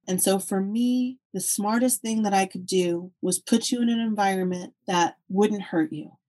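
A middle-aged woman, a podcast guest, telling her own life story in an animated, vivid way. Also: medium pitch, normal speed, hardly any pauses. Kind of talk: personal storytelling.

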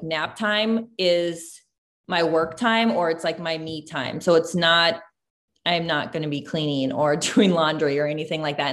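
Chatty woman, lots of "like". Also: fairly low pitch. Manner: chatty, lots of "like" fillers, animated storytelling. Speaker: podcast host, mom business owner. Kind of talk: casual conversational chat.

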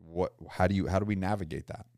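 Deep smooth-voiced male podcast host. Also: fast talker, a little mellow, dry recording, studio quality. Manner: rambling, repeats himself while framing questions. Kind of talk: casual interview questions.

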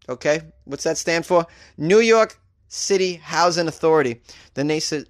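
A man's voice: on the high side, a bit bright, no echo, clean studio sound. A man from Boston with a Boston accent, hosting comedic news commentary, sarcastic and laughing between jokes. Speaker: host.

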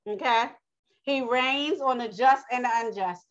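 A woman gives a casual, emphatic sermon, her fairly high voice climbing sharply whenever she speaks for the Most High. She reads scripture and talks straight to the listener, calling them honey and baby. The audio is dull and lo-fi. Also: measured pace. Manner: animated, rising high when quoting the Most High. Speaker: preacher.

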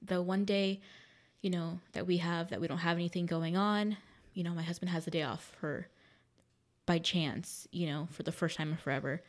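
A young woman co-hosting a casual podcast in a low-ish voice. She talks softly and haltingly with lots of fillers, sounding close to tears. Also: steady tone. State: teary. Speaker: podcast co-host. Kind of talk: casual chat.

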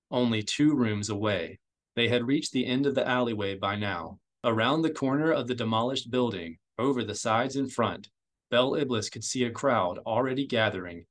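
A man reading an audiobook in steady, measured storytelling narration. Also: lowish voice. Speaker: audiobook reader.

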